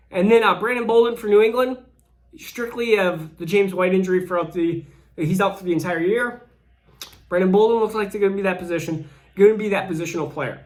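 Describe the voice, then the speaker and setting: A man's voice: high voice, a bit bright. Breathless man rambling about fantasy football. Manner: rambling, frequent restarts and fillers. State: out of breath while recovering. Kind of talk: casual solo commentary.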